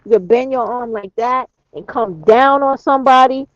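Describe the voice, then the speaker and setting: A woman's voice: fairly high pitch, normal speed. A woman hosting a live chat from her car, talking bluntly with lots of cursing. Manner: blunt, profane, emphatic. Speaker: livestream host. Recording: dry, dull sound.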